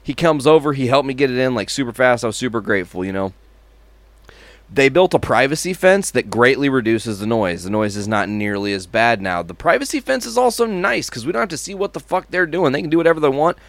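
A man's voice: mid-range voice, a little fast, dry recording. A man co-hosting a podcast, telling neighbor stories in casual chat, swearing freely and mimicking horn noises. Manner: profane, animated storyteller mimicking horn sounds. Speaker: podcast co-host.

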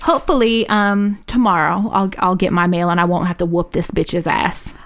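A woman's voice: on the low side, normal speed. A woman co-hosting a podcast, heatedly retelling a run-in with lots of cursing and quoted back-and-forth. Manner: heated, profane, animated retelling with quoted dialogue. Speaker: podcast co-host. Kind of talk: casual chat, storytelling.

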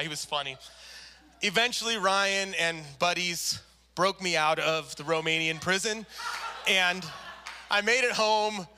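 A man's voice: on the high side, sharp tone. A man preaching a sermon, telling a story animatedly and acting out the people in it. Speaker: pastor.

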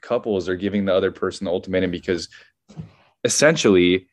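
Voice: low voice, fast talker, dry recording. A guest who works as an actor, chatting casually and easily about dating. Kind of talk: casual chat.

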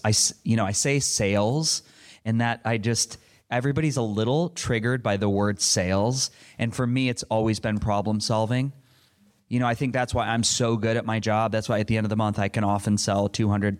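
Man, middle-aged, lowish voice, earnest, rambling, restarts often, panel answer. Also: darkish tone. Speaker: panel speaker.

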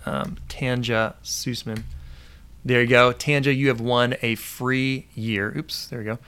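A man's voice: mid-range voice, steady tone, a little slow, fairly bright tone, smooth. A man hosting a casual live stream, upbeat and full of fillers, reading viewer comments aloud.

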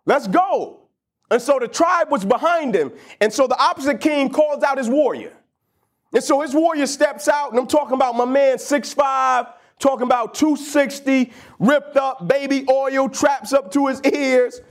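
A man's voice: very high voice, moderate pace. A man giving a motivational talk, retelling a story in casual slang with rhetorical questions. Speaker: motivational speaker.

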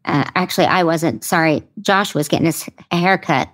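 Animated woman guest telling stories. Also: low voice, moderate pace. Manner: animated storyteller, acts out others' lines. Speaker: podcast guest. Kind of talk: casual conversation.

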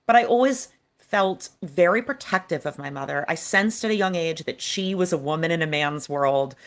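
Woman guest, deep voice, earnest, reflective storytelling. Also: moderate pace. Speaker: guest author. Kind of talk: personal storytelling.

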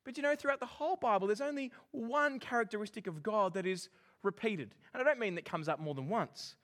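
Brief: New man preaching, high pitch, animated delivery with quick jokes. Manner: animated and joking, with lively emphasis. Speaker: pastor. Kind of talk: sermon.

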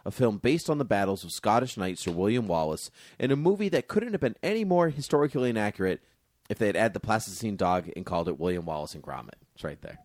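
A man hosting a casual chat, reading aloud from a history book with jokey, animated asides. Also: lowish voice, fast, no echo. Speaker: podcast host.

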